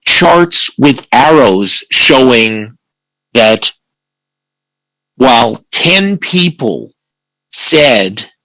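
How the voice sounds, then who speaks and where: A man's voice: medium pitch, big pitch swings, drawn-out words, long pauses, pushed and bright, no room sound, low-quality recording. A man, an attorney, giving an online slide presentation who acts out quoted dialogue and corrects himself mid-sentence. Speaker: family law attorney presenting.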